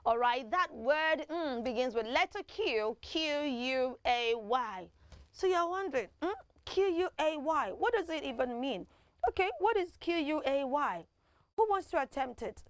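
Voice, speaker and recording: High-voiced woman teaching kids. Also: a little slow, dry recording. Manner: animated, coaxing teacher who leads call-and-response drills. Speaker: children's TV presenter. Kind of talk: pronunciation lesson for children.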